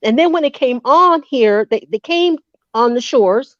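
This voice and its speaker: A woman's voice: high-pitched, normal speed, no echo. A woman speaking emphatically on a casual commentary panel. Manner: animated, emphatic. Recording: dull, dry lo-fi audio.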